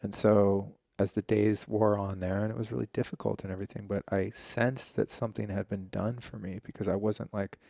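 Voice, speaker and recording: A man's voice: on the low side, brisk, gravelly, few pauses, no room sound, clean studio sound. A man in his forties, a podcast guest, candidly telling a personal story in a casual, profane way. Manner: candid, profane, animated retelling.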